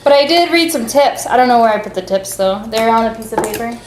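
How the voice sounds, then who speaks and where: A woman's voice: fairly high pitch, lively intonation, fast talker. A young woman co-hosting a home cooking show, chatting casually and laughing often while she cooks. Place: home kitchen. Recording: echoey kitchen with clear noise.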